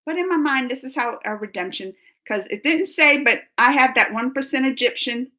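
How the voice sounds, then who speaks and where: A young woman with a high, bright voice rambles through a casual live-stream chat. She laughs often, restarts her sentences and wanders from point to point as she talks to viewers. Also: expressive, normal speed. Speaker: reaction channel host reading live chat.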